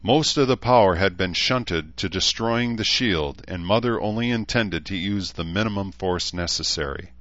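A man reading a story aloud in steady scripted narration, on a dull lo-fi recording. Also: sits low, normal speed, few pauses, no room sound. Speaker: audiobook narrator.

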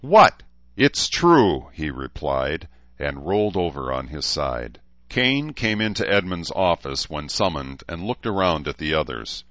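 Male audiobook narrator, very low pitch, dry close mic, slightly muffled lo-fi recording. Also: animated, a little slow, a bit bright, dry recording. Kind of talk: scripted narration.

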